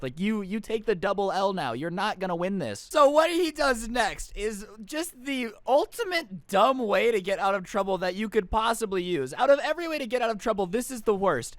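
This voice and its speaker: A young man telling a high school story in a sarcastic, animated, slangy way. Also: a little fast, few pauses, dry recording. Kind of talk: storytime narration, casual.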